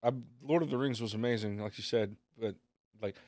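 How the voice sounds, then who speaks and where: An American man co-hosting a podcast, chatting in a relaxed, agreeable way and swearing freely. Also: lowish voice, brisk, dry recording, studio quality. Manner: laid-back, agreeable, profane. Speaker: podcast co-host. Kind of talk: casual podcast banter.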